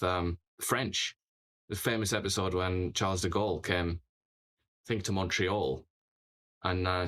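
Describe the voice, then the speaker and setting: A man's voice: on the low side, fairly bright tone. A man hosting casual political commentary, talking in a sarcastic, mocking way.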